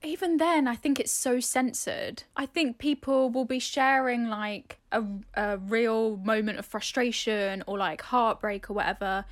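A woman's voice: on the high side, unhurried, hardly any pauses. A woman co-hosting a podcast, chatting casually and playfully, often laughing at her own stories. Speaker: podcast co-host. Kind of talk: casual chat.

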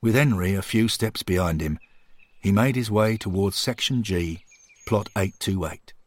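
A man narrating a scripted story in a calm, measured, earnest way. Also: lowish voice, no echo. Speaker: podcast storyteller.

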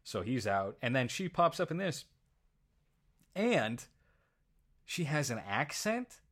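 A man's voice: mid-range voice, very animated, takes it slowly, fairly bright tone. A man hosting a casual movie review chat, opinionated and given to sarcastic asides. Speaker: podcast host.

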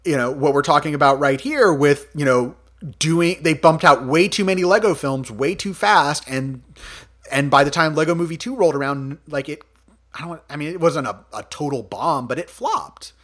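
A man hosting a podcast, chatting casually about movies, animated, laughing often and swearing freely. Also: on the high side, moderate pace. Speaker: podcast host.

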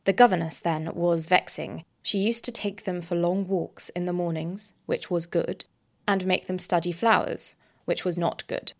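A woman's voice: fairly low pitch, fairly even intonation, moderate pace, gravelly. A woman author reading her own short story aloud and talking about her writing.

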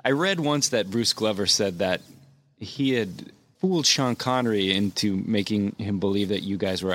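A man's voice: sits low, fairly bright tone. A man in his forties hosting a podcast interview, asking chatty, eager questions. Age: 40s. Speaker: podcast host. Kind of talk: casual interview chat.

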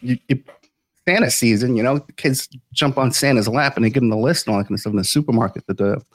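A man's voice: medium pitch, quick pace, dry recording. A man hosting a podcast, talking casually with many fillers and restarts. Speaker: podcast host. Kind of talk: casual interview.

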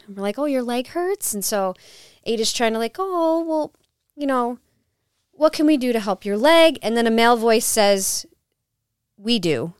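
A woman guest on a podcast, telling her paranormal investigation story in a casual, animated way and acting out quotes. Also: fairly high pitch, clear, resonant tone, dry recording, studio quality.

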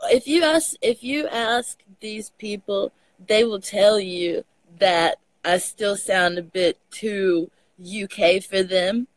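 With hardly any pauses yet a slow overall pace, a mid-range female voice tells laughter-filled, animated stories. She's from Texas, speaks with a Southern accent, and is a guest on a casual video call; there's no room sound.

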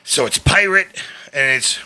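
A man's voice: on the high side, animated, measured pace. Joking guy co-host, playful, voice bounces around, noisy recording. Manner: playful and joking, laughs often. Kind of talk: casual chat.

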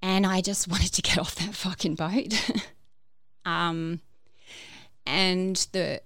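Give me a woman recounting her story haltingly, full of fillers, with a deep-ish voice in a dry room. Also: fairly even intonation, fairly bright tone, clean tone, no room sound. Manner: hesitant, many fillers and restarts. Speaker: podcast guest. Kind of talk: personal storytelling.

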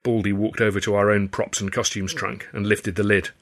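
A man narrating his own novel in the first person, in a wry, measured storytelling manner. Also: lowish voice, flat delivery. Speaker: author reading his novel.

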